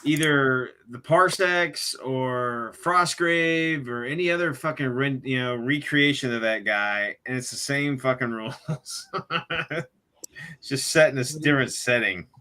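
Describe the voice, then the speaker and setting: A man's voice: medium pitch, a little slow, bright, forceful tone, clean tone. A man in a casual online chat, enthusiastic and laughing, who swears often.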